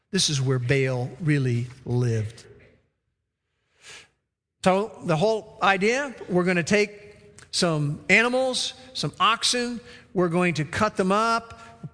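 High-voiced preacher in a reverberant hall. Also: male voice. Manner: animated storytelling, mimics the speakers he quotes. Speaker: pastor. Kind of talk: sermon.

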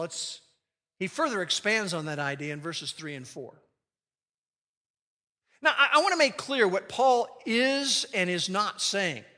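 A man preaching a sermon as pastor, leading the congregation in reciting a phrase together and slowing down to stress key words. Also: sits high, pushed and bright, big-room sound. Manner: leads congregation in call-and-response recitation.

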